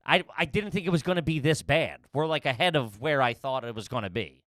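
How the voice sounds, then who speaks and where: A man tells a story in a casual, profane ramble, laughing at his own mistakes. His voice sits at a middle pitch. The mic is close and the sound is dry. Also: brisk, a bit bright, no echo. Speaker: podcast co-host.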